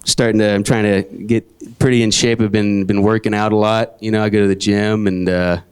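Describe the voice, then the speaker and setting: A man in his late twenties performing a stand-up comedy set, telling stories in a dry deadpan with sudden jumps into high, exasperated voices. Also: a little fast, smooth. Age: 20s. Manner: deadpan storytelling with sudden high-pitched outbursts. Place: comedy club stage. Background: audience laughter.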